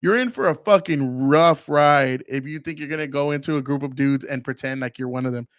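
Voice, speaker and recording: Blunt, profane man with a higher voice. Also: a little fast, no echo, studio quality. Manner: tells stories by mimicking others. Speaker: podcast host. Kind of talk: casual monologue.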